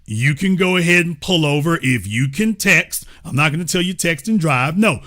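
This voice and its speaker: A man's voice: fairly high pitch, expressive, moderate pace, bright, forceful tone. A man hosting a livestream political commentary show, talking in a mocking, sarcastic way. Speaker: show host.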